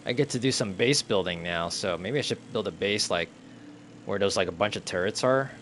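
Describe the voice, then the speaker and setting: A man's voice: on the low side, brisk, a bit bright, slight background noise. A young man casually talking to himself while playing a game, often confused and swearing under his breath. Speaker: gameplay streamer. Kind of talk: casual gameplay commentary.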